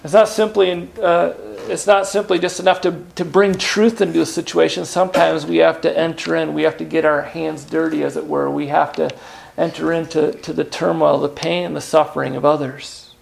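A man preaching a sermon in an earnest, unhurried way, pausing with "uh" and asking rhetorical questions. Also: on the high side, level tone, vocal fry, a little hiss or hum. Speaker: pastor.

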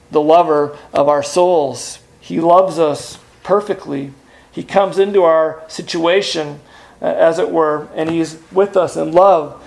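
A man preaching a sermon in an earnest, unhurried way, pausing with "uh" and asking rhetorical questions. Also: fairly high pitch, gravelly. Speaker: pastor.

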